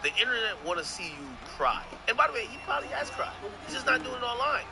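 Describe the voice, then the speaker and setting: Jamaican man telling a lively story. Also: extremely high pitch, quick pace, noisy background. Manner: rambling, profane, repeats words. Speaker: streamer host. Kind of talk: casual storytelling chat.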